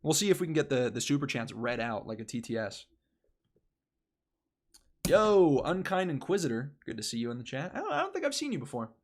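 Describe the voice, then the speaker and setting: A man's voice: mid-range voice, very animated, a little fast. A young man hosting a casual live stream, rambling and restarting his phrases as he talks to his chat.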